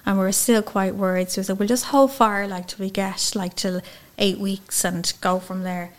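A woman with an Irish accent, a guest telling a personal story in a lively, chatty way. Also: medium pitch, normal speed. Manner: chatty, lively, acts out quoted speech. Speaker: interview guest.

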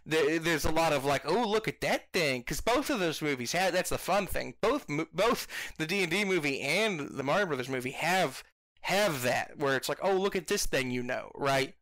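Bright-voiced, profane man ranting about movies. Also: fairly high pitch, expressive, moderate pace, dry recording. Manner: profane, rambling, self-mocking, with stammered restarts. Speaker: podcast co-host. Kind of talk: casual movie review chat.

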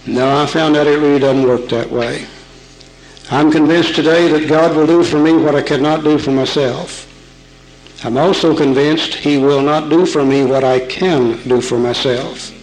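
A man's voice: on the high side, fairly even intonation, moderate pace, a little mellow, faint music behind, rough recording. A man speaking at a recovery seminar in a folksy, plain-spoken teaching manner, asking his audience rhetorical questions. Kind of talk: recorded seminar talk.

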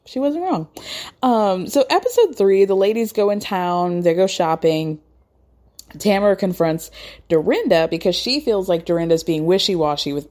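Woman, mellow voice, gossipy, chatty, laughs a lot, casual recap. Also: on the low side. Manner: chatty, gossipy, laughs often, acts out quotes. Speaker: podcast host recapping reality TV. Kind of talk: casual chat.

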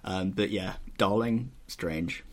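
A man's voice: low-pitched, slow. A man chatting casually with friends on a podcast, wry and self-deprecating. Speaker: podcast co-host. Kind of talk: casual chat.

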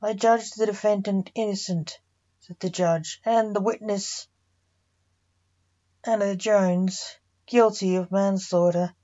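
A woman reading a fantasy story aloud, voicing all the characters in a mostly even narrating voice. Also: mid-range voice, takes it slowly, long pauses. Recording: muffled lo-fi recording.

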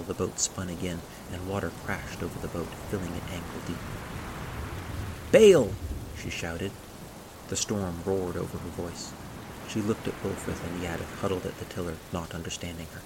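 Male audiobook narrator: very low, gravelly, measured; heavy storm sound bed. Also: heavy background noise. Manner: steady, measured storytelling. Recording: rain and thunder sound effects. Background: rain and thunder.

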